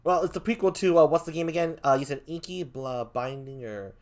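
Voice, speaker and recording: Upbeat male livestream host, slightly high voice, chatty and welcoming. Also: fairly quick, a little mellow. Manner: chatty, upbeat, greets chat viewers. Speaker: show host. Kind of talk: casual livestream chat.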